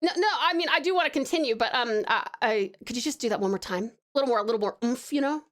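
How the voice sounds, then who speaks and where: A woman's voice: fairly high pitch, fast, a bit bright. A woman with an Australian accent, chatting casually with her stream chat while she draws, playful and laughing often.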